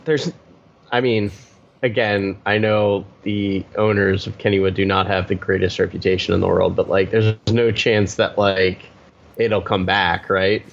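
A man's voice: low voice, little pitch movement, unhurried. A man co-hosting a casual podcast in a laid-back way, mostly giving short replies with an occasional longer thought. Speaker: podcast co-host. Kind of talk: casual chat. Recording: dull remote audio.

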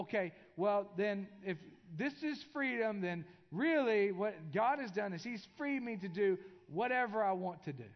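A high-voiced man preaches a casual, conversational sermon, stumbling and restarting his sentences as he goes. His voice rings out through a church with a long echo. The recording sounds dull and muffled. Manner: conversational, with many restarts and filler. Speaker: pastor. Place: church sanctuary.

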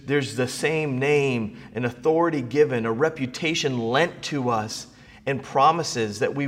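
A man's voice: fairly high pitch, fairly bright tone, big-room sound. A man preaching a sermon, building emphasis through repeated phrases. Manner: preaching with rising emphasis and repetition. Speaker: pastor.

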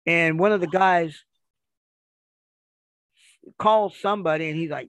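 A middle-aged man, a retired performer, telling stories in a casual, animated way and acting out other people's voices. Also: on the high side, measured pace, long pauses, clear, resonant tone, no echo.

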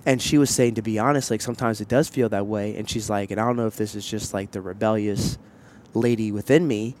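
A man's voice: on the low side, fairly even intonation, brisk, a little mellow, a little hiss or hum. A man hosting a podcast, telling a long personal story in a candid, rambling way, full of fillers and side remarks, recorded outdoors in public on a headset mic. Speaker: podcast host. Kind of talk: casual chat.

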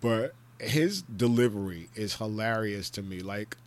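A man's voice: expressive, a little slow. A man hosting a solo podcast, giving a rambling, jokey and profane rant of pop-culture commentary. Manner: breaks into loud high-pitched impressions. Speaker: podcast host.

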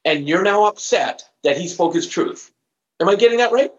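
A man voicing his calm, blunt wife, who talks in firm, questioning, matter-of-fact sentences. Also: lowish voice, moderate pace, voice pushed up, natural voice. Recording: roomy, slightly dull recording.

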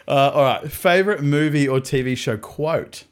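A man's voice: fairly high pitch, moderate pace, smooth. A man hosting a podcast, laid-back casual chat with swearing and fillers. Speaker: podcast host.

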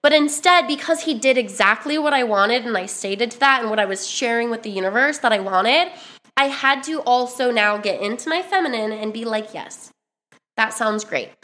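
A young woman talking casually into the camera, giving chatty, animated dating advice with lots of fillers. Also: fairly high pitch, fairly quick.

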